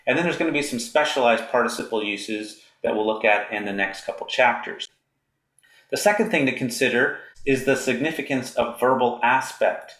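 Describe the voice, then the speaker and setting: A man teaching Greek grammar in a recorded lecture, slowly reciting word endings one by one. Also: mid-range voice, a bit bright, roomy sound. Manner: slow, deliberate recitation of endings.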